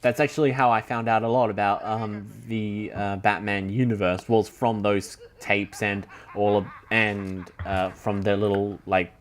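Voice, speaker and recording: A man's voice: lowish voice, flat delivery, unhurried, few pauses. A young man casually commenting on a video game he is playing, eagerly explaining things and rambling with many fillers. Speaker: gameplay commentator. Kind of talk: casual let's play chat.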